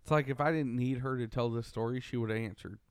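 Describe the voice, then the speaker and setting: A man's voice: medium pitch, fast talker, clean tone, no echo, clean studio sound. A man co-hosting a casual podcast, teasing and joking. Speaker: podcast co-host.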